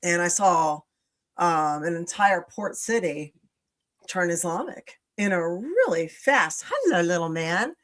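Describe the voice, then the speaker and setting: A woman's voice: on the low side, sing-song, slow, a bit bright. A woman from the United States hosting a casual talk show, chatty and opinionated. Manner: chatty, opinionated, laughs easily. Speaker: show host. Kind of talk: casual chat.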